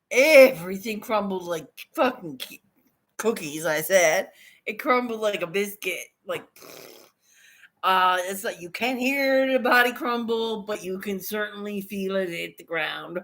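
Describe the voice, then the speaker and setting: A woman's voice: mid-range voice, unhurried. A woman chatting to her livestream viewers, telling a funny story, often laughing and swearing as she goes. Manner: giggly, swears a lot, animated storytelling. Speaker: livestreaming vlogger. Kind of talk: casual storytelling chat.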